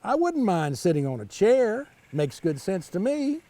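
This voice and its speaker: A man's voice: sits high, sing-song, unhurried, dark tone, no room sound. An older man doing a whiny, fussy frog. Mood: complaining. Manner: whiny, pleading questions. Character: fussy complaining male frog.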